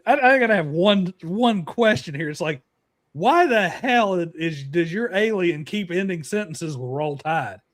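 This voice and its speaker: Podcast host: relaxed man, slightly higher voice, casual chat. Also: measured pace.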